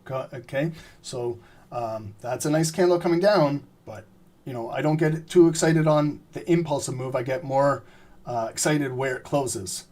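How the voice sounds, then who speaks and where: A man giving live trading commentary, explaining steadily and often clearing his throat as he says he is losing his voice. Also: medium pitch, normal speed. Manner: steady explanatory, repeats "remember" and "right?". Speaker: trading streamer.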